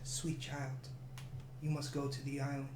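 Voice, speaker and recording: A man voicing a mysterious female oracle who speaks in a hushed, near-whispered way, in a tabletop game. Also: mid-range voice, completely flat delivery, measured pace, echoey room, far from the mic, noisy background, close to an everyday voice. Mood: cryptic.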